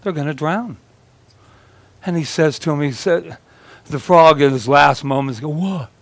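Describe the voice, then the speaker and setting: A man's voice: fairly high pitch, normal speed, creaky, no echo. A male pastor giving a conversational sermon at a church service, joking with the congregation and telling stories with animation.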